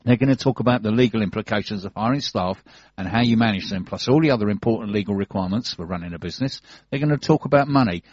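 Reading business event listings on a radio show he co-hosts, a London-accented man talks fast, chatting and joking in casual fashion. His voice sits on the low side with a darkish, slightly rough tone. The audio sounds dull, with no echo.

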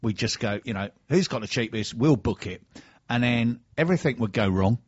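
A man's voice: medium pitch, expressive, moderate pace, slightly rough, dry recording, dull audio. A man hosting a radio show, chatting casually and trading jokey, teasing banter.

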